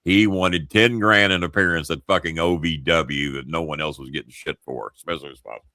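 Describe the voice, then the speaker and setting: A man hosting a show, telling a long story in a profane, animated way. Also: very deep voice, fairly quick, no echo, studio quality. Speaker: show host. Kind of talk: casual storytelling.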